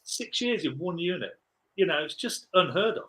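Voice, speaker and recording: A man's voice: a little high, expressive, normal speed, fairly bright tone, low-quality recording. A man in his forties, a podcast guest, telling rambling, laughing anecdotes in casual chat.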